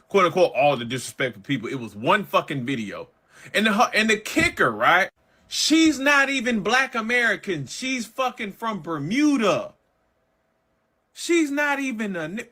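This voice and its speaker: A man delivering profane commentary, swinging his pitch wildly up and down as he mocks and vents. His voice is bright and cutting, and his sarcasm runs through every line. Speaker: podcast co-host.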